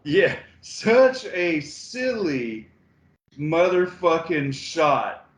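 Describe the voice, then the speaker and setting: A man co-hosting a casual movie review chat, laid-back and halting, with many fillers and swears. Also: on the high side, sing-song, reverberant, poor audio. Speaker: podcast co-host.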